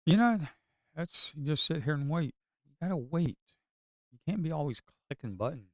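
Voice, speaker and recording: A man's voice: on the high side, expressive, normal speed, dry recording. A middle-aged man giving casual live commentary while trading. He is chatty, repeats himself and adds sarcastic asides. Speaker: day trader streaming live.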